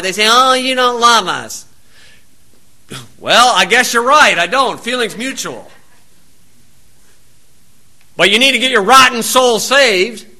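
A man's voice: high voice, bright, forceful tone. A male preacher delivering a blunt, plain-spoken, scolding sermon.

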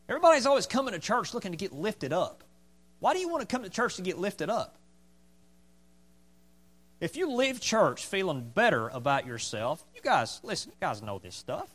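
A man preaching a sermon with a lively, swinging pitch and a slightly high voice. He is emphatic and drives points home by repeating them. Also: normal speed. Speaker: pastor.

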